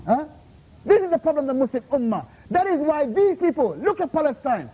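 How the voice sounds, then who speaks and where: A man's voice: very high voice, very animated, brisk, dark tone. A man, an invited Islamic speaker, confronts a questioner in a university room, scolding him and demanding answers with repeated "Huh? How?", and he mixes Arabic terms into his English. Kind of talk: heated Q&A rebuttal. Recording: muffled lo-fi recording.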